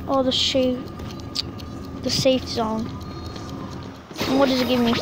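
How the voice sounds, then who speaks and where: A woman giving excitable, frustrated live commentary on her gameplay, often yelling at opponents. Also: high voice, takes it slowly, long pauses, noisy background. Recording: voice over game music.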